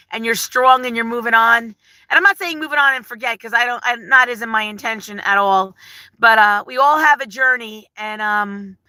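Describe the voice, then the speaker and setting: Middle-aged woman, live-chat host, bright tense voice, close dry phone sound, heartfelt and rambling. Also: on the high side, no echo. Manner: gentle, heartfelt, rambling with fillers. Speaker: vlogger on a livestream. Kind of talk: casual live chat, reading comments. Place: parked car. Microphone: phone held in hand.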